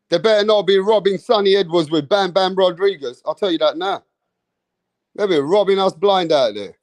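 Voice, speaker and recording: A man's voice: high voice, a little mellow, dry recording. A man giving an angry, mocking, profane rant about a boxing match, full of slang. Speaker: boxing commentator.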